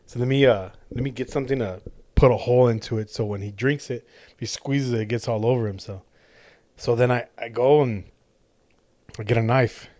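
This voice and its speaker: A man's voice: mid-range voice, steady tone, brisk, warm tone, no echo. Dry-voiced rambling podcast guy. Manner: rambling storyteller, swears a lot, acts out quotes. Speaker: podcast co-host. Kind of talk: casual chat.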